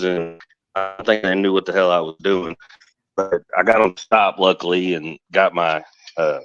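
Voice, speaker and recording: A man's voice: low-pitched, moderate pace, a bit bright. A man co-hosting a casual podcast, telling work stories in a blunt, laid-back way. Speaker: podcast co-host, HVAC technician. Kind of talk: casual storytelling. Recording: dull, dry lo-fi audio.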